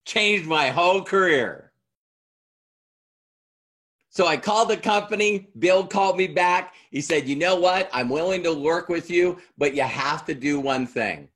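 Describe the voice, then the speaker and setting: A man's voice: fairly high pitch, unhurried, fairly bright tone. A middle-aged man giving a talk to an audience in a conversational way, acting out both sides of past dialogues as he tells a story. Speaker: motivational speaker.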